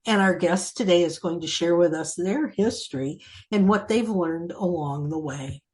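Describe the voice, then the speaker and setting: A woman hosting a podcast, reading a scripted intro and then chatting with her guest, sometimes dropping to a soft, breathy tone. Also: lowish voice, moderate pace. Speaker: podcast host.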